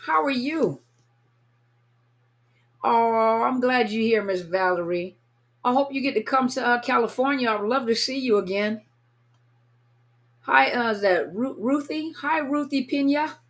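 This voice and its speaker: Woman, live-stream host, slightly high voice, chatty, a bit tired. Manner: warm, chatty, reads viewer names aloud. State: a little tired. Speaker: livestream host greeting viewers. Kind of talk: casual live-stream chat. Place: at home, California.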